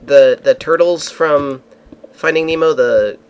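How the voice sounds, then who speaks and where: A man's voice: a little high, takes it slowly. A man casually recounting a trip with friends, rambling with frequent fillers and restarts. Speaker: vlogger. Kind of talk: casual storytelling.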